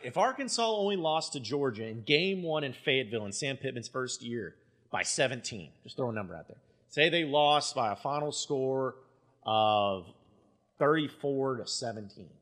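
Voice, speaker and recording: A man hosting a sports podcast, talking casually in animated bursts, full of restarts and fillers. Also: fairly high pitch. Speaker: podcast host.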